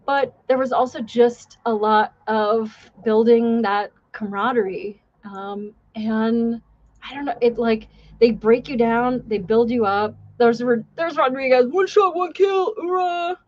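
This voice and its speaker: A woman's voice: a little high, a little mellow, highs cut off. A woman livestream host, a former police officer, chatting casually and a bit profanely, mocking herself and reading out chat messages.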